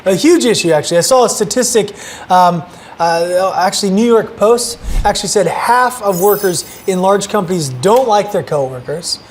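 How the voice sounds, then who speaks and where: A man's voice: high-pitched, expressive, moderate pace, slight background noise. Upbeat male podcast co-host. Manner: upbeat, prompting questions, cites statistics. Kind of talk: podcast interviewing.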